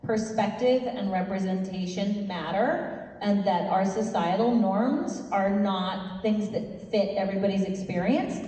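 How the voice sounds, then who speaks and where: A woman's voice: mid-range voice, unhurried, mellow. A middle-aged woman, a guest on a convention panel, speaking frankly and earnestly to fans, swearing casually. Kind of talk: live fan Q&A. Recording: echoey convention hall from far off.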